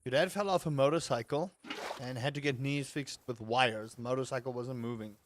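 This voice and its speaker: A man's voice: medium pitch, a little fast, a little hiss or hum. A man hosting a livestream in casual chat, reading out and answering chat with playful jokes and mock outrage. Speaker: livestream host.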